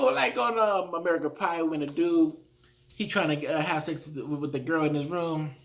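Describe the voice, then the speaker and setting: A man giving a casual recap of rap battles, talking in an animated way and acting out his own reactions. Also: a little high, moderate pace, gravelly.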